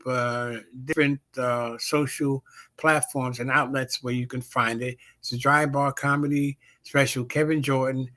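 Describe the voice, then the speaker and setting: A man's voice: medium pitch, pushed and bright. A man hosting a talk show, chatting casually with many fillers and restarts. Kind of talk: casual promo chat.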